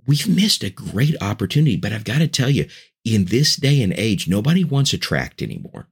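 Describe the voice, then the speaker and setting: Deep-voiced earnest man, podcast chat. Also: very animated, a little fast, vocal fry, breathy edge. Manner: earnest, persuasive, building points in lists. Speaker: preacher and podcast guest. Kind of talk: conversational podcast talk.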